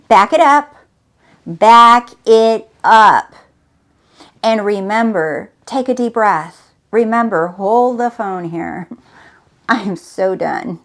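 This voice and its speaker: A woman's voice: medium pitch, vocal fry. A woman hosting a spiritual motivational talk, speaking emphatically and repeating herself as she coaxes the listener directly. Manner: emphatic, repetitive and coaxing, addressing the listener directly. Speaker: host.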